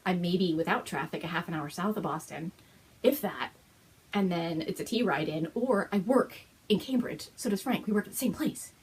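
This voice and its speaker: A woman hosting a knitting podcast, showing things on camera in a gushing, excited chat, with frequent gasps and whispered exclamations. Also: fairly low pitch, moderate pace, slight background noise. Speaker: host of a knitting and fiber podcast. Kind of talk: excited casual show-and-tell chat.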